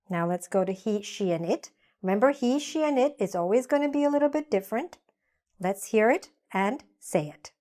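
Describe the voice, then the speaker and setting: A woman teaching an English grammar lesson, speaking deliberately and leading repeat-after-me drills. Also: a little high, animated, dark tone. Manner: slow, deliberate, drills with repetition.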